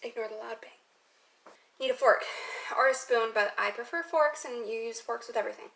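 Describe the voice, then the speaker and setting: A woman's voice: on the high side, moderate pace, vocal fry, a bit bright. A young woman talking casually through a recipe in her home kitchen, rambling and poking fun at herself as she goes. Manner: rambling, self-mocking asides. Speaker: cooking vlogger. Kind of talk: casual cooking demo chat. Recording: noisy home kitchen audio.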